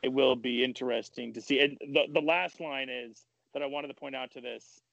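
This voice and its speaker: Gravelly man chatting casually. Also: medium pitch, moderate pace, no room sound, lo-fi sound. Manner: animated, swearing, retells stories with quoted voices. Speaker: podcast co-host. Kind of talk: casual chat.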